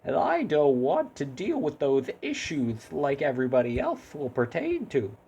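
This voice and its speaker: A man voicing a male hero who sounds overly cheery while dwelling on grim things, with a drawn-out, sing-song delivery. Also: fairly high pitch, wildly swooping pitch, gravelly, warm tone, slightly rough, voice pushed up, exaggerated voice. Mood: mock cheery.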